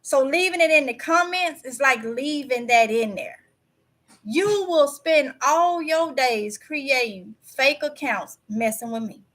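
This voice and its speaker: Woman, livestream host; bright, slightly high voice; emphatic, preachy delivery. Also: slow pace. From Mississippi. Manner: preachy, emphatic, repeats words for stress. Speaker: YouTube channel host. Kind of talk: casual livestream talk.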